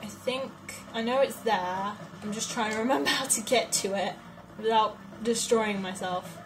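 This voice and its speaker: A woman giving casual let's-play commentary, chatting and muttering to herself, with sudden loud frustrated outbursts. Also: a little high, moderate pace. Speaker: gaming video creator. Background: game music.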